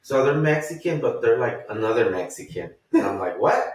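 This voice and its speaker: A man's voice: mid-range voice, animated, a little fast. A man chats loosely on a podcast, swearing freely and acting out what others said. He sits back from the mic, so his voice comes through distant. The room around him is very echoey. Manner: swearing, storytelling with acted quotes. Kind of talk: casual chat.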